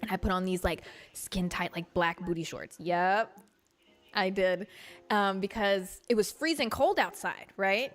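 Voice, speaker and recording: A young woman hosting a casual livestream, telling stories in an animated, chatty way full of fillers and swearing. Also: medium pitch, measured pace, soft background music. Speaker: livestream host.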